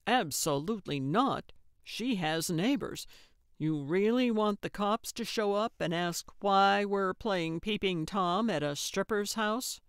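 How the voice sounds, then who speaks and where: Woman reading as a calm tactful man, placating, dry humor, clean close sound. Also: mid-range voice, slow, clean tone, no echo. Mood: patient. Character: patient, tactful younger man, her driver.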